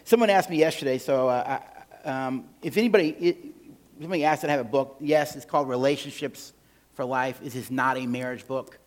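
A man's voice: mid-range voice, fairly quick. A man giving a sermon on healthy relationships as a guest speaker in a church, emphatic and often asking the audience to fill in the answer.

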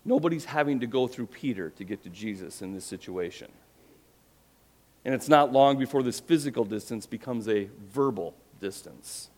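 Middle-aged man preaching a lively sermon. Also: medium pitch, normal speed. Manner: animated storytelling, voices quotes with rising emphasis. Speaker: pastor.

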